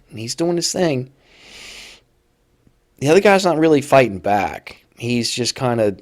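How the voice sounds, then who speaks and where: A man telling a story from his time in prison in a casual, conversational way as a podcast host. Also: mid-range voice. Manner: casual, conversational, acts out quoted voices loudly. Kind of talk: first-person storytelling monologue.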